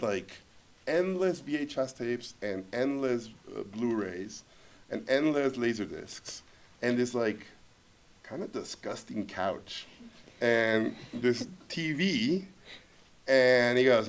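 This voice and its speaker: A man telling a comic anecdote to a student audience, animated and laughing as he acts out quoted lines. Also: medium pitch, slow. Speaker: guest filmmaker at a student Q&A.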